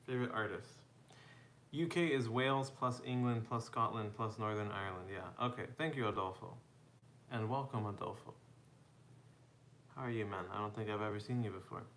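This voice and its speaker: A man from the United States chatting casually as a live streamer, reading out viewer comments and answering them in a relaxed way, often laughing and calling people "bro" and "man". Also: lowish voice, slight background noise. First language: bilingual with Spanish, parents from Mexico. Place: home room.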